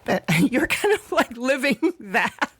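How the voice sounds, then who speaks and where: A woman co-hosting a podcast, asking thoughtful, unhurried interview questions. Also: high voice, sing-song, a bit bright, slightly rough, dry recording. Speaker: podcast co-host.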